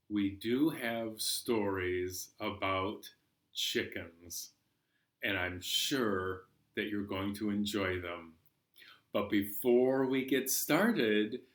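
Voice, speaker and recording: Gentle man leading a children's storytime. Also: on the low side, echoey room. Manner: gentle, sings with banjo.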